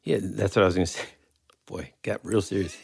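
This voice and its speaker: A man's voice: deep voice, fairly even intonation, brisk, gravelly, slightly rough, no echo, clean studio sound, soft background music. A man co-hosting a casual podcast, rambling and searching for words as he teases his partner. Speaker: podcast co-host.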